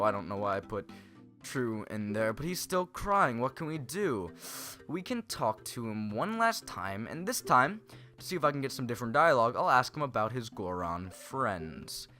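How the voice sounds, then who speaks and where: A man's voice: medium pitch, very animated, moderate pace, pushed and bright, faint music behind. A young man hosting a let's play, giving rambling, self-correcting casual commentary on a video game.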